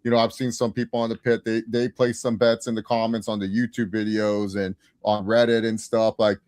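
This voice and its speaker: A man's voice: lowish voice, level tone, brisk, darkish tone, dry recording, studio quality. Enthusiastic man talking TV on a podcast. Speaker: podcast co-host. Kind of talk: casual TV episode recap chat.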